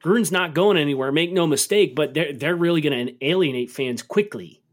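A man co-hosting a football podcast, talking through draft takes in a measured, analytical way. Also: a little high. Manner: measured analysis, turns incredulous and emphatic when joking. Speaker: podcast co-host. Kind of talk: casual sports podcast chat.

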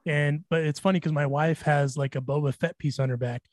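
A man co-hosts this podcast with a joking, easygoing manner, often stumbling and restarting his sentences. His voice is slightly high, and the sound is dry and close. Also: fairly even intonation, brisk, darkish tone, dry recording. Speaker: podcast co-host. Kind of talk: casual interview.

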